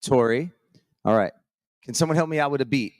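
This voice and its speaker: A man hosts a live morning show from a conference stage, energetically calling contestants up and beatboxing rhythms for them to dance to. His mid-range voice is brisk, and the sound is clean studio quality with no echo.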